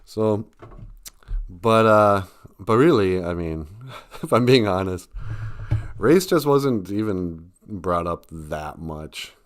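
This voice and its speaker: A man's voice: deep voice, animated, slow, pauses often. A man hosting a casual comedic live stream, talking in a rambling, self-deprecating way and laughing often. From Ojibwe community.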